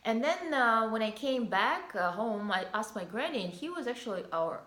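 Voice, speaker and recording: A woman's voice: a little high, very animated, moderate pace, fairly bright tone. A young woman from northern Kazakhstan, chatting casually in a vlog and telling stories with asides. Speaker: vlogger. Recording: echoey room.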